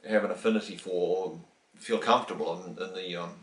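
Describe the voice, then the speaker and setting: A middle-aged man from New Zealand tells a story in a casual interview, his voice on the low side. He acts out the lines he quotes, with restarts along the way. He sits away from the mic, and the room echoes around him. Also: brisk. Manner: animated, acts out quoted dialogue, many restarts. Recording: roomy, distant from the mic.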